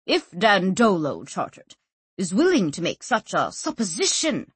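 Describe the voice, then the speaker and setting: A woman's voice: mid-range voice, huge pitch swings, measured pace, breathy edge, no echo, full character voice. A woman narrator voicing a male council deputy who asks a pointed, challenging question in an audiobook. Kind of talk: audiobook character voice.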